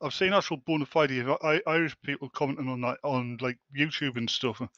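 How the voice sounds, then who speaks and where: A man's voice: mid-range voice, fairly even intonation, a little fast, a bit bright, dry recording, lo-fi sound. A man co-hosting a casual group podcast, telling jokes and groping for words. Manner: tells jokes, fumbles for words.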